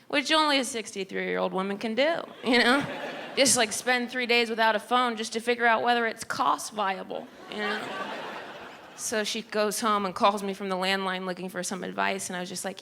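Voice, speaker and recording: A woman's voice: medium pitch, fairly even intonation, normal speed, creaky, pushed and bright, a little hiss or hum. A woman comedian telling a stand-up story in a chatty way, often laughing between lines, on a comedy club stage.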